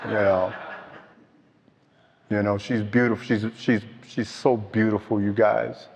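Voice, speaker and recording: An older man telling his own story at a recovery meeting, slow and halting, heartfelt. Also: fairly low pitch, flat delivery, gravelly, a little mellow. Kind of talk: personal testimony. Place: meeting hall. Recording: dull, with long hall echo.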